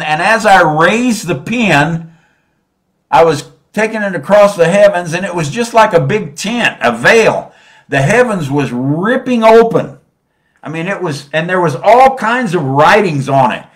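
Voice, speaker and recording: A man preaching a sermon, swinging between soft and loud and stretching out phrases for emphasis. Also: high-pitched.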